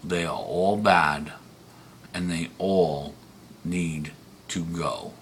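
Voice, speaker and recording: A man's voice: low-pitched, extremely slow, creaky, slight background noise. A man delivering an angry, profane rant to the camera as a video blogger. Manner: heated, profane, emphatic. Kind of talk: angry ranting monologue.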